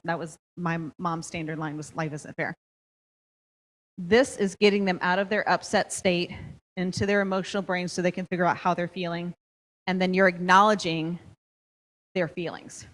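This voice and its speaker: Speaking in a lowish voice over poor audio, a middle-aged woman presents a parenting workshop. She breaks the material into steps and keeps checking in with "okay?" throughout this instructional talk.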